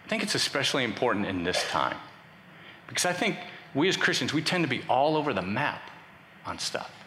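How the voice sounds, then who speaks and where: A man's voice: medium pitch, sing-song, fairly quick, bright, forceful tone, a little hiss or hum. A man preaching a sermon to a congregation, conversational and joking with the crowd. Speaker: pastor. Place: church sanctuary. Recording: echoey hall, faint ambience.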